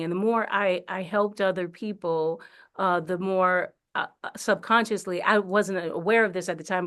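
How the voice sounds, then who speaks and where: A woman, an actress, telling her story in a casual interview, chatty with many fillers and restarts. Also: on the low side. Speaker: actress and singer, interview guest. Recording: radio studio interview.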